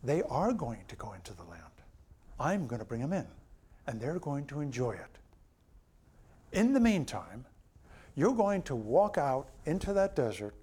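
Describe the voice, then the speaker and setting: A man voicing God as a stern male deity pronouncing judgment, in a slow, solemn, lowered voice. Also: darkish tone.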